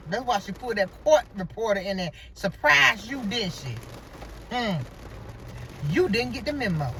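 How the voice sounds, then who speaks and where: A man's voice: very high-pitched, sharp tone, a little hiss or hum, poor audio. A man in his fifties telling a story to viewers in an emphatic, repetitive, casual way. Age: 50s. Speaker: vlogger.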